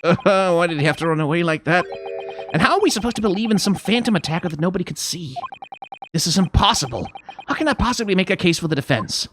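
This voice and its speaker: A man's voice: sits high, lively intonation, fast talker, background noise. A man voicing a young male defense lawyer, anxious but determined, thinking aloud. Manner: worried inner monologue.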